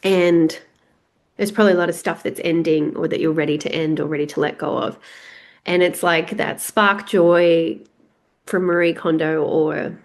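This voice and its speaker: Candid Australian woman, lowish voice. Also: a little mellow. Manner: candid and chatty, with laughs and restarts. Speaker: podcast host. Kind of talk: solo reflective monologue. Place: house, on her own.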